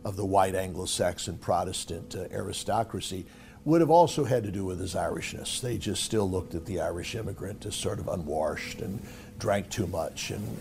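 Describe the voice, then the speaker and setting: A man who is a cardinal, speaking conversationally in an interview and pausing often. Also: low voice, darkish tone. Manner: conversational, halting with fillers. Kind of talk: interview commentary.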